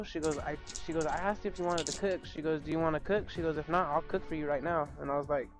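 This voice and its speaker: Fast-talking young man ranting. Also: on the high side, little pitch movement, music in the background. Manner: swears constantly, rapid ranting retelling. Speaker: fast-food worker telling a story. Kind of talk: casual chat on a live stream.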